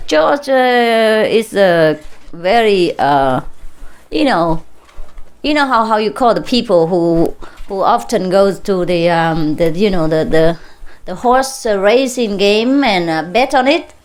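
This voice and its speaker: A woman's voice: medium pitch, animated, slow pace. A woman telling a joke to a live audience in a chatty, informal way, searching for words and laughing often. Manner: laughs often between lines. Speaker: speaker addressing an audience.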